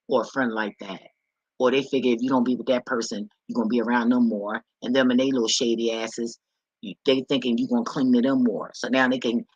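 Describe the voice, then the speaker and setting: Bright, husky-voiced woman, preachy and blunt, lecturing the viewer. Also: extremely low pitch, no echo, highs cut off. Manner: emphatic, preachy, profane, talks straight to viewer. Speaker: vlogger. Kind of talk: blunt profane advice rant.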